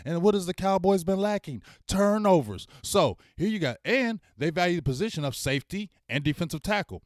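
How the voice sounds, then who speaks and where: A man's voice: medium pitch, dry recording, studio quality. A man hosting a casual sports talk show, speaking in an emphatic, slangy way and repeating his points for effect.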